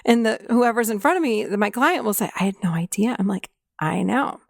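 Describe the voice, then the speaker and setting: Expressive woman podcast host. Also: fairly high pitch, fast talker, no echo, studio quality. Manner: acts out quoted dialogue, warm validating tone, laughs often. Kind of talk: casual podcast chat.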